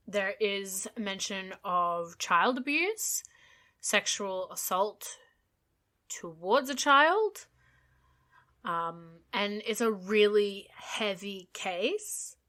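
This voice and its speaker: A woman's voice: mid-range voice, sharp tone. Giggly young woman podcast co-host. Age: 20s. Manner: giggly, swears freely, self-deprecating. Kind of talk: casual chat.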